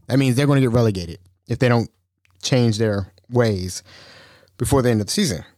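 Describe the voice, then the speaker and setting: A man's voice: medium pitch, brisk, darkish tone, no echo, studio quality. A man hosting his own podcast in casual solo talk, rambling and self-mocking, laughing often. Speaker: podcast host.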